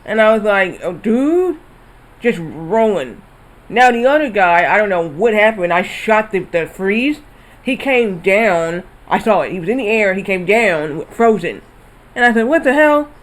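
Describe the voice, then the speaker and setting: A man's voice: sits high, a little slow, low-quality recording. A man streaming a video game, telling a rambling story with casual swearing. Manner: rambling, animated retelling with swearing. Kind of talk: casual storytelling while gaming.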